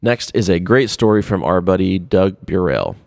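A man hosting a podcast, casually reading out listener emails and chatting about them with relaxed fillers. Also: low-pitched, moderate pace, gravelly, no echo, studio quality. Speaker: podcast host.

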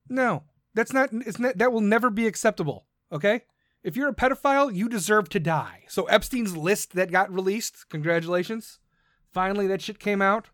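A man's voice: high-pitched, a little fast, fairly bright tone, no echo, studio quality. Profane, ranting male podcast host. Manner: profane, combative, sarcastic; mocks others in put-on voices. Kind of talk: ranting monologue.

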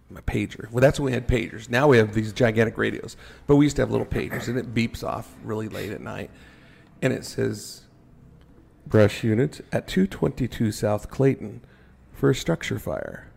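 A man telling a firefighting story in a casual podcast chat, animated and joking at his own expense. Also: lowish voice, normal speed, gravelly, breathy edge. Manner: animated, acts out his own panicked thoughts, jokes at himself.

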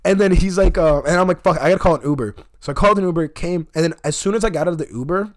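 A young man talks in a quick, excitable rush, peppered with swearing. His voice sits slightly high. He tells the story casually and acts out each quoted line. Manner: profane, animated, acts out quotes.

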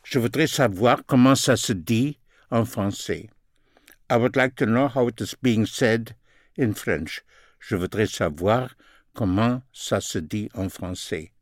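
A man teaching a recorded language lesson, slowly repeating each phrase and its translation. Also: lowish voice, dry recording, clean studio sound. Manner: slow, deliberate, repeats phrases in two languages.

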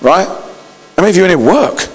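A male pastor with a high voice delivers a sermon, calling on the congregation to raise their hands and answer back. His voice rings with the long reverb of a large hall. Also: very animated, moderate pace, breathy edge. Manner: preachy, calls out to the congregation for responses.

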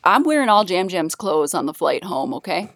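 A young adult woman telling a story as a podcast guest, bubbly and excitable, laughing often. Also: fairly low pitch, normal speed, no room sound, studio quality. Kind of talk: casual storytelling.

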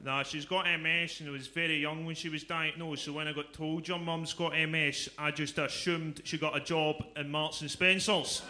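A young man with a Glaswegian accent performing a stand-up comedy set, delivering jokes in a dry, deadpan manner. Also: fairly high pitch, normal speed, few pauses. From Scotland. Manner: deadpan delivery, breaks into loud exaggerated shouting for punchlines.

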